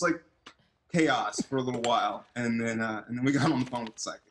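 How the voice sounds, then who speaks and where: Animated man telling stories in his forties. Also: medium pitch, quick pace, background noise. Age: 40s. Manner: animated storyteller, loud excited quotes. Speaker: actor, interview guest. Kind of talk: casual video-call interview. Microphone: video call.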